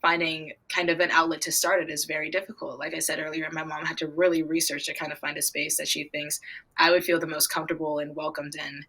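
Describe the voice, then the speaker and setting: Teen girl telling stories in an interview, bright lively voice, kinda lowish pitch, super bubbly. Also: fast talker, slightly rough. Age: teens. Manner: bubbly, storytelling, acts out her own excited reactions. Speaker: young equestrian guest. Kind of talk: casual interview answers.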